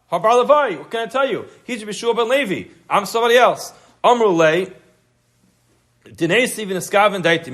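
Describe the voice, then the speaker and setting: A man, his voice sitting a touch higher than most, gives a Talmud class. He reads short Aramaic passages aloud and then explains them in relaxed, conversational English. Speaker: Talmud teacher. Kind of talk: Daf Yomi class, reading and translating aloud.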